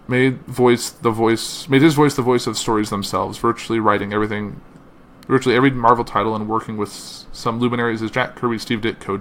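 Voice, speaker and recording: A man's voice: fairly low pitch, fairly bright tone, a little hiss or hum. A man hosting a podcast, reading a tribute and quoted messages aloud, with slips and uh fillers. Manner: reads slowly with uh fillers and slips. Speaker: podcast host.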